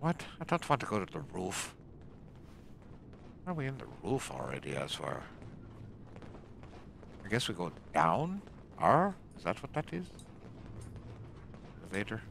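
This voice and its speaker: A man's voice: lowish voice, wildly swooping pitch, measured pace, vocal fry, long pauses, noisy background. A man giving casual commentary while playing a game, grumbling and growling a pirate-like "arr" between remarks. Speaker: gaming channel host.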